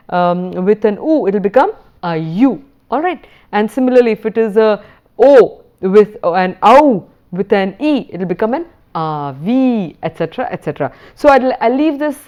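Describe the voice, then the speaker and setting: A woman lecturer giving a recorded university lesson, explaining patiently and reading verse slowly. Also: on the high side, dull audio.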